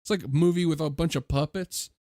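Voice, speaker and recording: Young male co-host, higher-pitched, dry booth sound, joking chatter. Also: fairly even intonation, quick pace, warm tone, no room sound. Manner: joking, drifts into silly impressions. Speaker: podcast co-host. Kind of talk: casual podcast chat.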